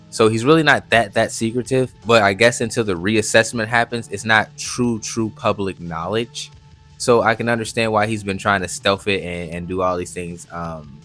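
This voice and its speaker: A man recapping an anime episode in casual, animated commentary, full of slang and jokes. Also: lowish voice. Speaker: anime reviewer.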